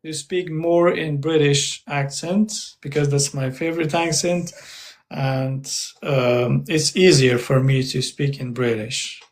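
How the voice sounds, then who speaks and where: A man, a guest in an interview, answering in a relaxed, chatty way. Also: fairly high pitch, slow. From Afghanistan. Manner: relaxed, chatty, with frequent uh fillers. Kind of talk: casual interview chat.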